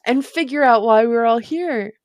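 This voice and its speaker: A woman's voice: on the high side, moderate pace, darkish tone, no echo, clean studio sound. A woman player in a tabletop game, playful and bantering. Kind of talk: tabletop role-play chat.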